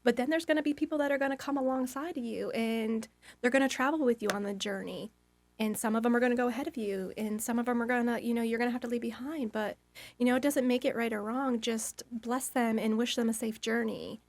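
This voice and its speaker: A woman guest on a podcast, telling a long story in a loose, rambling way. Her voice sits fairly high. She leans on fillers and slips in acted-out lines of her own thoughts. Her voice is recorded close and dry, with no room sound. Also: fairly even intonation, quick pace, a little mellow, no echo. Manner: rambling, with many fillers and acted-out inner dialogue. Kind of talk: casual storytelling.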